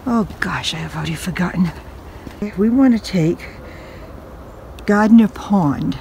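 An older woman talks her way along a wooded trail in a mellow, unhurried voice, chatty and poking fun at herself. She is a little out of breath from the climb. A faint hiss of outdoor noise sits behind her phone recording. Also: lowish voice, vocal fry. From New England, USA. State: out of breath from hiking. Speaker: vlogger. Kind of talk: casual walking vlog narration.

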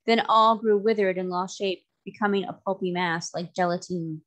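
A woman narrating a classic children's novel aloud, in a steady storytelling manner. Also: medium pitch, moderate pace.

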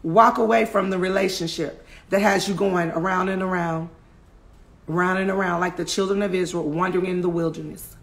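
A woman preaching and praying fast and passionately, often raising her voice to a shout. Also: on the low side, steady tone, creaky. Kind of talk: fervent online sermon and prayer.

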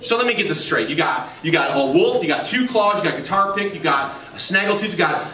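A man doing a stand-up comedy set in a club, telling stories deadpan and acting out his customers. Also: sits high, fast, a crowd in the background. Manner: deadpan storytelling, voicing customers. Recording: roomy, distant, noisy club recording. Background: audience laughter.

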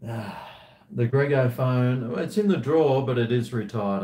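A man's voice: medium pitch, animated, measured pace, warm tone. A man chatting casually and bluntly on a live stream, swearing freely and rambling between topics. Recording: echoey room.

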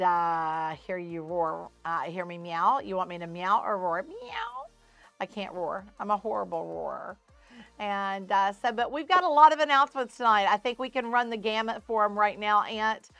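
Woman, live shopping host, smooth clear voice, dry close sound, chatty sales patter. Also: mid-range voice, fairly bright tone, dry recording. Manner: chatty, greets viewers by name, upbeat sales patter. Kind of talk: live shopping show chat.

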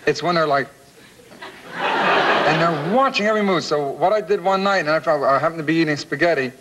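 A man's voice: a little high, a little fast. Joking Philadelphia man hosting a talk show. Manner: joking, playful storyteller. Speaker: talk show guest host. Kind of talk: late-night talk show chat. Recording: noisy old TV broadcast.

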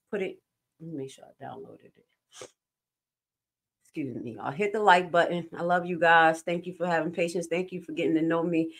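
A woman chatting casually on a livestream in slangy, animated, jokey talk with some swearing. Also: sits low. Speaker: night nurse and commentary streamer.

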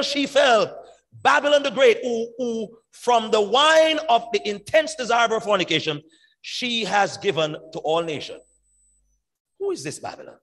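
High-pitched preacher man in echoing church. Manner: emphatic preaching, swings from loud shouted peaks to quiet asides. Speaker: pastor. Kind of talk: evangelistic sermon. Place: large church sanctuary. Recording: long church hall reverb.

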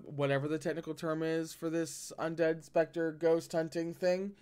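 A man's voice: a little high, flat delivery, normal speed, hardly any pauses, darkish tone, smooth. A man reading a novel aloud and breaking off to react in a dramatic, swearing manner. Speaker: audiobook reader and reactor.

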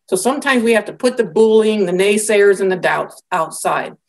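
A woman giving a conversational Bible lecture, telling the story in a lively way with casual asides. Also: mid-range voice, normal speed, hardly any pauses. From American Midwest.

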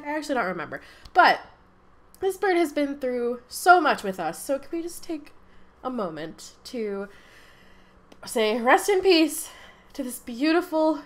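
High, lively woman gamer. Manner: animated, emotional, laughing often. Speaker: gaming channel host. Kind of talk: let's play commentary.

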